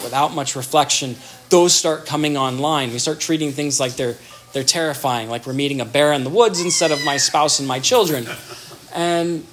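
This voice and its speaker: Earnest, animated man explaining relationships. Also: a little high, slight background noise. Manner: earnest, animated, acts out example dialogue. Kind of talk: explanatory talk on attachment.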